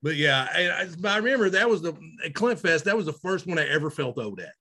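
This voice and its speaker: A man, co-hosting a podcast in casual chat, animated and self-mocking. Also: on the high side, quick pace. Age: 30s. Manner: animated, loud, self-mocking, laughs often. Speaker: podcast co-host.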